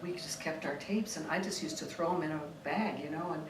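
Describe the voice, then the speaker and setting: A woman's voice: low voice, a little fast. A woman author, a former tabloid reporter, reading her memoir dramatically and then chatting in an interview, recorded from a distance in a roomy room. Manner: vivid, dramatic reading; chatty, restarting in talk. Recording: roomy room, distant mic, faint noise.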